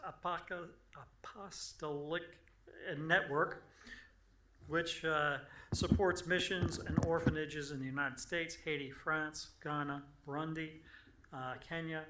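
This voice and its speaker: A man with a bright, fairly high voice reads a formal introduction as a county commissioner, stumbling now and then over words. His voice carries echo from the chamber. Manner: reads a biography, with small stumbles. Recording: echoey meeting chamber.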